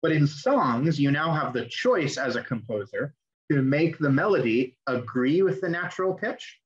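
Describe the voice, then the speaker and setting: A young man teaching an online class in a relaxed, chatty way, full of ums and restarts. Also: fairly high pitch, moderate pace, dull audio. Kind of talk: casual online lecture.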